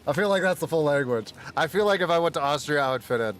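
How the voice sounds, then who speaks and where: A man's voice: on the high side, expressive, fairly quick, a bit bright. Profane, jokey male game streamer. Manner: loose, profane, jokey, often laughing. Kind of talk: casual live-stream gaming chat.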